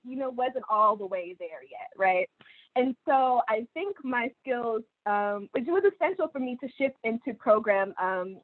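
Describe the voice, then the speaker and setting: A woman's voice: mid-range voice, no echo. A young woman, a youth climate organizer, speaking casually and animatedly on a video call from her phone. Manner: animated, informal, lots of fillers. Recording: tinny phone line.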